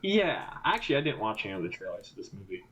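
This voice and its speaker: A man's voice: lowish voice, sing-song, quick pace, a bit bright. A man co-hosting a podcast, chatting casually about a film and acting out characters in quoted voices. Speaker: podcast co-host. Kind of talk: casual film review chat. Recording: dull lo-fi podcast audio.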